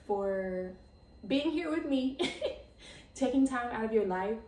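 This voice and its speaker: A young woman in her twenties hosting her own podcast, excitable and chatty, full of "like" and laughs. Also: mid-range voice, reverberant, far from the mic. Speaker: podcast host. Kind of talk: casual chat.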